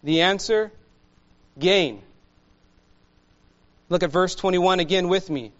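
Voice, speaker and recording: A man preaching a sermon to his congregation, slow and measured, with emphatic pauses. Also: high voice, dull audio. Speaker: pastor.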